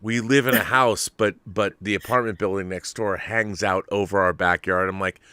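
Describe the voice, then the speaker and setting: A man hosting a podcast, telling a rambling, animated story in casual chat. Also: low voice, moderate pace, clean tone, no echo. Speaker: podcast host.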